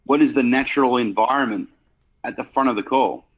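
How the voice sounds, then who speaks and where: A man's voice: medium pitch, brisk, slightly rough, rough recording. A man coaching salespeople in casual talk, blunt and full of swearing. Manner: blunt, profane, animated. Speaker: sales trainer.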